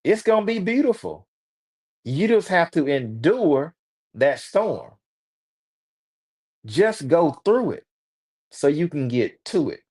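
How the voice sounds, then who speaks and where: A man's voice: on the high side, big pitch swings, darkish tone, breathy edge. A man with a Houston, Texas accent, a guest author giving an earnest testimony of faith over a video call. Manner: earnest, slow, preachy encouragement. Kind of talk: testimony in casual chat. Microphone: streamed video call.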